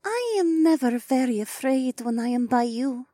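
Man voicing a soft high-pitched young alien woman. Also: expressive, no echo, studio quality. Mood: tender.

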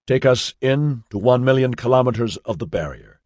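A man's voice: mid-range voice, expressive, normal speed, a little mellow, no room sound, clean studio sound, lightly acted. A man voicing a decisive male starship captain giving clipped orders. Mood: commanding.

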